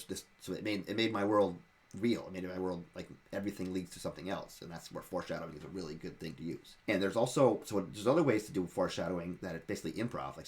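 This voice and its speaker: A man in casual talk sharing advice as a dungeon master, rambling and often repeating and restarting his words. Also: sits low.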